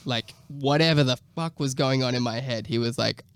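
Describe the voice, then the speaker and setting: A man's voice: mid-range voice, moderate pace, smooth, no room sound. A man, a musician, chatting casually and telling stories with frequent laughter and swearing. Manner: laughing, animated storyteller, swears freely. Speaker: musician guest. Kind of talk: casual podcast chat.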